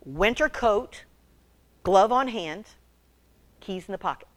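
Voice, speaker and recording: A middle-aged woman speaking to a women's meeting, telling humorous stories in an animated way and often laughing as she talks. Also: mid-range voice, takes it slowly. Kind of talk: humorous storytelling talk.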